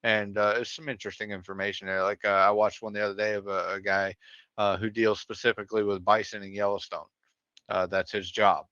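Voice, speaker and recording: A man in his relaxed co-host role runs through the episode recap on a livestream. His voice sits on the low side, and his talk is easygoing, with filler words. The sound is dry and a little dull, like a home streaming mic. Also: fairly quick, clear, resonant tone, dry recording. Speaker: co-host of a veteran livestream show. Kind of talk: casual livestream recap chat.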